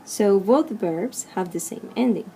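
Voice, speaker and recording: A woman teaching a recorded Spanish grammar lesson, slowly and clearly drilling verb conjugations one form at a time. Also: mid-range voice, dark tone, a little hiss or hum.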